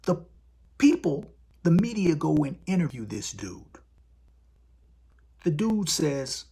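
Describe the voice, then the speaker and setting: A man's voice: a little high, slow pace, long pauses, slightly rough. A man hosting a live stream in casual talk, blunt and profane. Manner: blunt, profane, animated storytelling.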